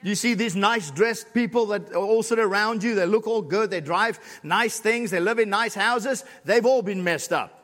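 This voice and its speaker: A man pastor preaching a sermon, repeating emphatic lines and rising to shouts. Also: high-pitched, normal speed, few pauses. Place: church sanctuary. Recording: long hall reverb.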